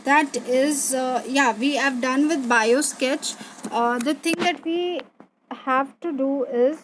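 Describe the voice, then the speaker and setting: A young woman teacher with a high voice explains terms patiently to her students, pausing on fillers and repeating herself. Faint background noise sits under her recording. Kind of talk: online revision lesson.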